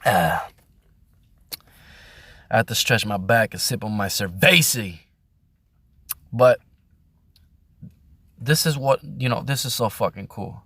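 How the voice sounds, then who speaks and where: A man's voice: fairly low pitch, slow, long pauses, fairly bright tone, breathy edge, no echo. A man hosting a casual video, rambling and swearing as he talks about old armor and laughs often. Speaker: host. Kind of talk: casual vlog commentary.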